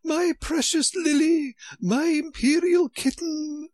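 A man voicing the White Queen, a tiny, frantic chess piece who wails in a high, breathless voice. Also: fairly even intonation, slow pace, a little mellow, dry recording.

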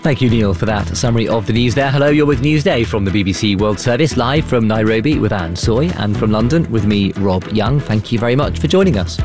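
A man presenting live radio news in a brisk, formal manner. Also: fairly low pitch, lively intonation, music in the background.

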